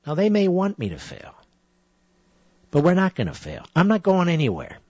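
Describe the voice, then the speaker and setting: A man's voice: high-pitched, huge pitch swings, moderate pace, a little mellow, no room sound. A middle-aged man hosting a political talk radio show, combative and often rising into indignant tirades. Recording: dry, slightly dull radio broadcast audio.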